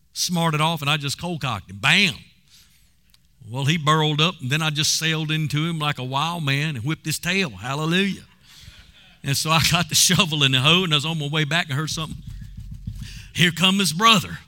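Male preacher, storytelling, fervent call-outs, high and very bright. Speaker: pastor. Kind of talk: sermon.

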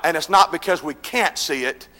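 A man preaching a revival sermon, swinging between shouted, chanted lines and quieter pleading passages. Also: normal speed. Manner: shouting, chanting preaching with sudden drops to low intensity. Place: church. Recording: echoey church hall with congregation.

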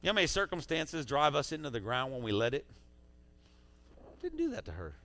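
A man preaching a sermon as pastor, swinging between loud urging and quiet asides in a church sanctuary on a stage mic. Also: a little high, huge pitch swings, a little fast.

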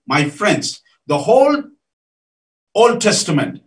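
Man preaching a sermon, slow and emphatic, lively swooping pitch, somewhat high voice, mic far off. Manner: emphatic, repeats key words, rises to near shouts. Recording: voice from a distance off mic.

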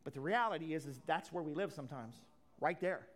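A man preaching a sermon as a pastor, swinging from loud declarations to hushed asides, with folksy plain talk. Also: on the high side, fairly quick.

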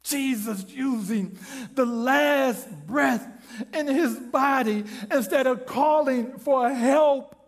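A man preaching a sermon in an impassioned, shouting delivery. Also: very high voice, takes it slowly, creaky.

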